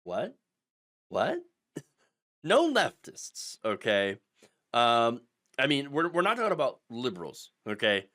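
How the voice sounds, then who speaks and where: A man hosting a political commentary vlog, sarcastic and animated, punctuating his points with "okay?". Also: mid-range voice, takes it slowly, pauses often. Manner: animated and sarcastic, with constant "okay?" tags and mocking mimicry.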